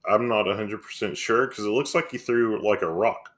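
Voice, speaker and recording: A man with a fairly low but bright voice muses in a relaxed podcast chat. He questions the details and thinks out loud as he goes. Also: fairly quick. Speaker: podcast co-host. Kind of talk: casual chat.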